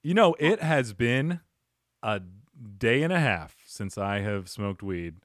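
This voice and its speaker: A man hosting a podcast in casual chat, smooth and well-spoken, with a measured broadcast cadence and self-deprecating humor. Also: mid-range voice, sing-song, no echo, studio quality. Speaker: podcast host.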